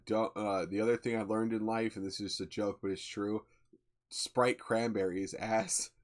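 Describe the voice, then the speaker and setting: A young man hosting a livestream, chatting casually in a rambling, laid-back way with lots of fillers and swearing. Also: lowish voice. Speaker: livestream host.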